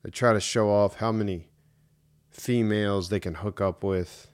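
A middle-aged man speaks slowly and deliberately in a low register, hosting his own podcast. He talks with earnest emphasis and goes back over his points to drive them home. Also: steady tone, smooth. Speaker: podcast host. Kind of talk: reflective solo podcast monologue.

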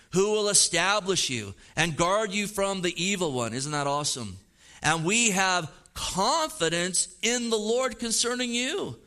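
A man's voice: high voice, bright, forceful tone. A middle-aged man preaching a sermon as pastor, earnest and emphatic, repeating phrases as he drives points home.

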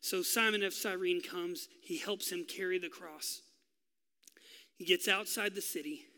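A male pastor preaching a sermon, telling a story with drama and dropping to a hush for key lines. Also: sits high, measured pace, long reverb tail. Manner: dramatic storytelling, swinging from loud to hushed.

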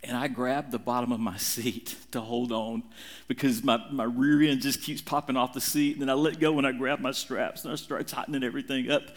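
A middle-aged man preaching a sermon, telling a story with dramatic, animated swings in his voice. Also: fairly quick. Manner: animated, dramatic retelling with big swings in pitch. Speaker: pastor.

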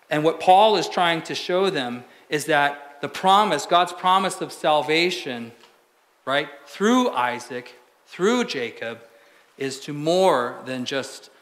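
A pastor preaching a conversational sermon in a church, asking the congregation rhetorical questions. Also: male voice, fairly high pitch, a bit bright. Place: church sanctuary.

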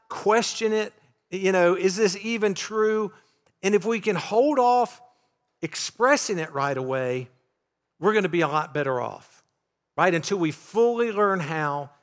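High-voiced man preaching in a reverberant hall. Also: lively intonation, a little slow. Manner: conversational, asks the listeners rhetorical questions. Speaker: pastor. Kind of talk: sermon.

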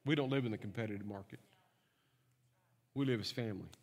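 A man's voice: on the low side, fast talker. A man preaching a sermon and leading an altar call, teasing at times and then fervent and pleading. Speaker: pastor. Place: large church with live music. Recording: long hall reverb, music behind.

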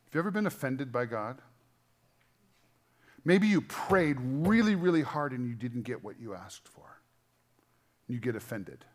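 A man's voice: mid-range voice, expressive, unhurried, pauses often. Earnest middle-aged male pastor preaching. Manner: earnest, conversational preaching with restarts and dynamic swings between quiet and loud. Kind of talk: sermon.

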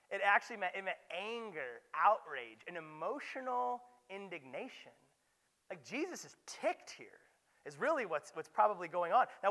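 A young man preaching a sermon as pastor, conversational with joking asides and forceful emphasis. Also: on the high side. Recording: long hall reverb.

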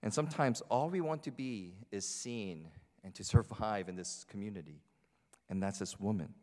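A man from New Jersey delivers a conversational sermon in a church sanctuary, his fairly low, darkish voice at normal speed. Chatty in manner, he frequently questions the congregation, and long hall reverb fills the recording.

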